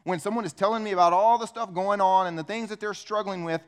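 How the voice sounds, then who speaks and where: A man preaching a sermon as pastor, animated, acting out little dialogues in changing voices. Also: sits high, quick pace, few pauses, smooth. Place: church.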